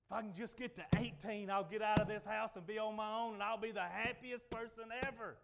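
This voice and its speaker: A middle-aged man preaching a sermon, telling folksy stories and swinging from loud declarations to quiet asides. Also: high-pitched, fairly even intonation, a little fast, creaky, very noisy.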